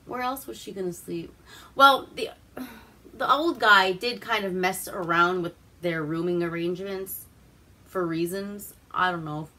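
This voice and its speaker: A woman's voice: lowish voice, unhurried, bright, forceful tone. A woman from Alaska hosting a casual movie recap, rambling, swearing and laughing as she goes. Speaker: host.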